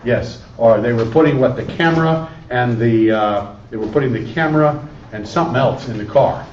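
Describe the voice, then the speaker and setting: A man's voice: mid-range voice, moderate pace, a little mellow, a little hiss or hum. A man teaching a Spanish class, prompting students with repeated questions and coaching their answers. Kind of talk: classroom lesson. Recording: echoey room, distant lo-fi camera audio.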